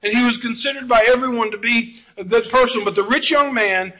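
A man's voice: very high voice, fairly quick, lo-fi sound. A male pastor preaching a sermon, emphatic and drawing out key words as he addresses the congregation directly.

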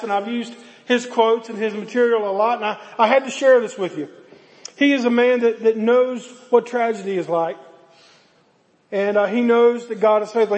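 High-voiced preacher in a reverberant hall. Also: male voice. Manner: dramatic storytelling, earnest. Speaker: pastor. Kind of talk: sermon.

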